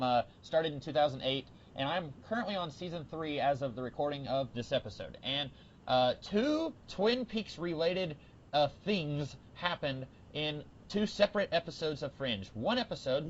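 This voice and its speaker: A man co-hosting a podcast, chatting casually about a TV episode with lots of fillers and bursts of excitement. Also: fairly high pitch, muffled recording, slight background noise. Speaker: podcast co-host. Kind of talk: casual TV discussion.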